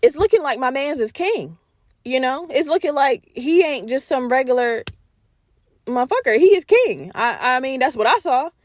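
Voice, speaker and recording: A woman's voice: high-pitched, lively intonation, moderate pace, a little mellow, no echo. A woman voicing a bird turned into a man, a loyal sidekick who reports back in casual, offhand slang. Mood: reporting.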